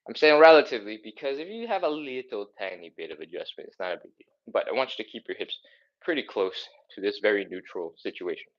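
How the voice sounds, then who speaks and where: A man's voice: lowish voice, lively intonation, fast, lo-fi sound. Upbeat man coaching a live stretch class. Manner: upbeat, encouraging, counting reps with sighs and exertion sounds. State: slightly out of breath from exercising. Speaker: mobility and stretching instructor. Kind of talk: live follow-along workout coaching.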